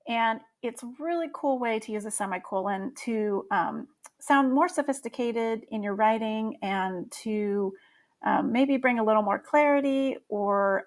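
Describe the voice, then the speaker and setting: A woman explaining grammar to middle schoolers in a friendly way, with frequent ums. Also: on the high side. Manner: friendly and explanatory, with many fillers. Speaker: teacher. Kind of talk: grammar lesson.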